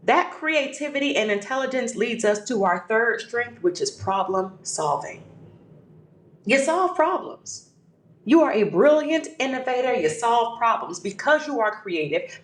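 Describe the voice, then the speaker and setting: A woman with a somewhat high voice gives an emphatic motivational pep talk as a podcast host. She repeats her affirmations, calls the listener "baby", and the room around her sounds echoey.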